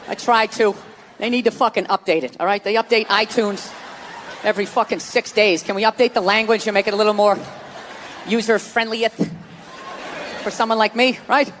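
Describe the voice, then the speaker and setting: A man doing a stand-up comedy routine, ranting with lots of profanity and shouting his punchlines. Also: high voice. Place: comedy stage before a live audience. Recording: live club set with crowd laughter and noise.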